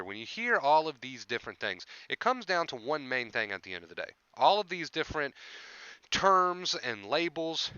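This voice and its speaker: A man's voice: mid-range voice, sharp tone, clear, resonant tone, no room sound, highs cut off. A young man coaching on anxiety recovery in a casual live stream, repeating his points and greeting viewers by name.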